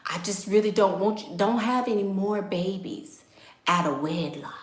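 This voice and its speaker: A woman's voice: mid-range voice, normal speed, close to an everyday voice. A woman voicing a nosy older churchwoman who scolds in a preachy, condescending way. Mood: disapproving. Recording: roomy echo.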